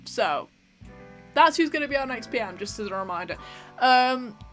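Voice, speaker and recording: A woman's voice: on the high side, lively intonation, moderate pace, faint music behind. A young woman hosting a vlog, chatting in an opinionated way and laughing often while she does her makeup. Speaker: vlog host. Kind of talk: casual chat while doing makeup.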